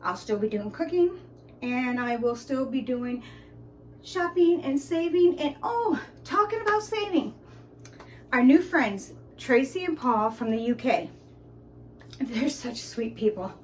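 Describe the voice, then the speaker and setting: Vlogger woman from the Detroit area, high voice, rambling chat, a little far from the mic. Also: animated, unhurried, darkish tone, slight background noise. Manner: chatty and rambling, with frequent fillers. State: out of breath. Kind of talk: casual vlog chat. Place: indoors at home, then outdoors at a theme park.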